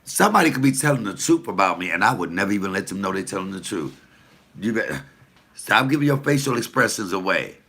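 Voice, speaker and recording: A man's voice: fairly low pitch, big pitch swings, fast talker, sharp tone, breathy edge. A comedian talking casually to the camera, blunt, profane and preachy as he tells stories and gives advice.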